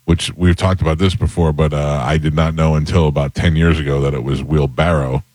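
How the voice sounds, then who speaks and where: A man co-hosting a casual chat show, joking and reacting quickly. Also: rumbling low, flat delivery, darkish tone, dry recording. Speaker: co-host.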